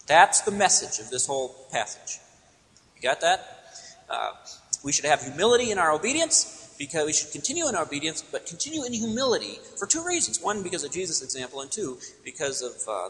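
A man preaching in a church, with a bright, slightly high voice. He teaches emphatically, asking questions and then answering them himself. His voice rings out with a long hall reverb. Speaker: pastor. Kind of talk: expository sermon.

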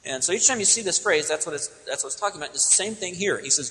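A man's voice: on the high side, animated, very fast, pushed and bright. Emphatic preacher man in a reverberant hall. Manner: emphatic, teacherly, asks and answers own questions. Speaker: pastor. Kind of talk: expository sermon.

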